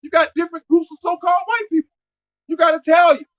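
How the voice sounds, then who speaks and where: Male street preacher, high voice, loud and profane, muffled lo-fi recording. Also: steady tone, fast talker.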